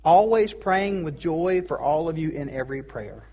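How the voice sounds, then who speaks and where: A man's voice: a little high, expressive, moderate pace, dark tone, a little hiss or hum. A man preaching a sermon as pastor, casual and joking, with pop-culture asides.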